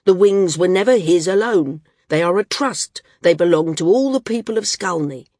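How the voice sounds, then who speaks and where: A stern island landsman, stubborn and quick to anger, pressing his claim loudly in a storybook reading, as a woman acts him. The voice sits low and a touch husky, with no room around it. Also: animated, no echo, studio quality. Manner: insistent, raised voice.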